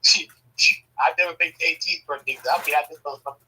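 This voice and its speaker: A man telling a family story casually, profane and animated, often laughing. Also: a little high, fast talker, a little hiss or hum, low-quality recording.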